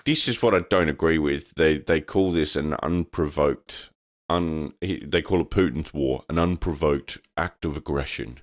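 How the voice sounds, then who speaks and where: A man's voice: extremely low pitch, moderate pace. A man co-hosting a casual podcast chat, telling stories with lots of swearing and acting out quotes. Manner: animated storytelling, swearing, acts out quotes in raised voice. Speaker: podcast co-host.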